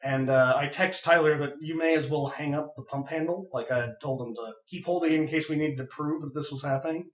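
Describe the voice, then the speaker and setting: Animated young man telling a story. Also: a little high, fairly quick. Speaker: podcast co-host. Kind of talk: casual storytelling. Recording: echoey room, far from mic.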